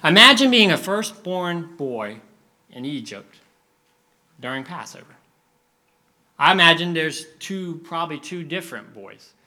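A young male preacher whose voice rings very bright and sits a little high. He delivers his sermon as lively storytelling, acting out scenes for the congregation. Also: unhurried, long pauses. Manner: animated storytelling, acts out scenes.

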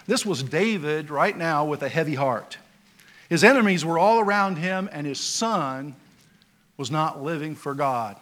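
Male pastor telling stories in a sermon, folksy, lots of uh's, loud then quiet, kinda high voice. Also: lively intonation, unhurried. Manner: folksy storytelling with many fillers; swings between loud emphasis and quiet asides.

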